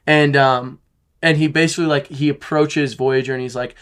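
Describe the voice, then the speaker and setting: A man hosting a podcast, excitedly recapping a story in a rambling way with lots of "like". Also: mid-range voice, moderate pace, clear, resonant tone. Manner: animated, rambling, heavy use of "like". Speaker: podcast host.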